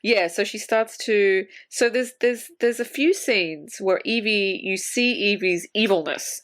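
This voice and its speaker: A woman talks through a film scene by scene on a podcast in casual, loose chat. She slips into animated quoted voices for the characters and swears freely. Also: mid-range voice. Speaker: podcast co-host.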